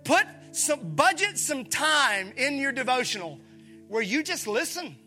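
A pastor from preaching a sermon, animated, acting out voices and calling on his listeners. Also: extremely high pitch, a little slow, soft background music. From Mississippi, USA. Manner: animated, acts out voices, calls on the congregation.

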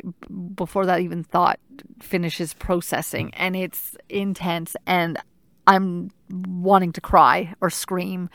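A middle-aged woman telling a personal story in casual talk, animated and halting, with many restarts and filler "like"s. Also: fairly low pitch, gravelly, no room sound, studio quality.

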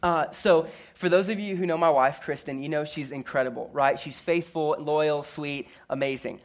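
Guy preaching, kinda high voice, earnest, keeps restarting and repeating himself. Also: moderate pace. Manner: earnest storytelling with stammered restarts and repetition. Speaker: pastor. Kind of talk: sermon.

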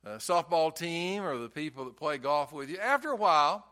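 A male pastor preaching a sermon slowly and with emphasis, repeating key phrases. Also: on the high side, lively intonation, sharp tone.

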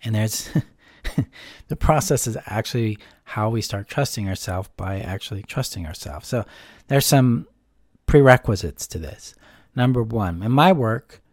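A man with a fairly low voice hosts a reflective self-help talk. He explains calmly and steadily, building long lists of ideas. The sound is dry and close, with no room around it. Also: dry recording. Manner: calm, explanatory, lists things in measured runs. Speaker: self-help host answering a question.

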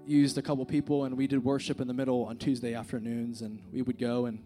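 A man's voice: mid-range voice, little pitch movement, fast, dark tone, faint music behind. A young man giving an informal sermon at a church service, telling a personal story in a casual, earnest way full of fillers like "like" and "dude". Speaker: youth speaker. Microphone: handheld microphone.

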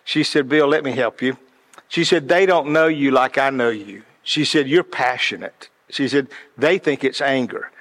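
This talk on decisions, sermon-like and recorded with long hall reverb, comes from a man with a medium-pitched, fairly bright voice at normal speed. Earnest and passionate, he keeps repeating words as he develops his point.

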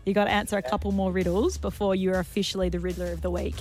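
An Australian woman co-hosting a breakfast radio show, giggly and self-mocking, quick to laugh at her own slips. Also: medium pitch, level tone, a little mellow, faint music behind. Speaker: radio co-host. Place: radio studio.

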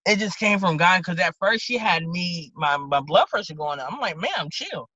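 Lively Southern woman deputy telling a story. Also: on the low side, normal speed, no echo. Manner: animated, acts out both sides of conversations. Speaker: county deputy sheriff. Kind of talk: casual interview storytelling. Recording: dull lo-fi podcast audio.

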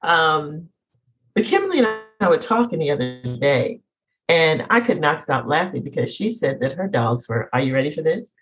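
A woman hosting a casual chat, playful and animated, laughing as she talks. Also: sits low, moderate pace, poor audio. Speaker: podcast host.

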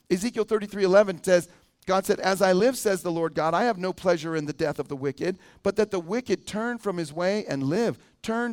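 A man with a high voice delivers a sermon to his church. He preaches casually, stopping often to ask the people in the pews questions. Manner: conversational, asks the congregation questions. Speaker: pastor.

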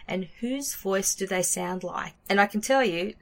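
A woman co-hosting a podcast as a coach, explaining things at length in a relaxed, casual way with everyday fillers. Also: mid-range voice, normal speed, creaky. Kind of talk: casual chat.

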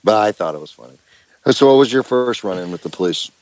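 Low-voiced man telling rambling stories. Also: expressive, fast talker, no room sound, low-quality recording. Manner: rambling storyteller, laughs, acts out quotes loudly. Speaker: musician guest. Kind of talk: casual phone interview.

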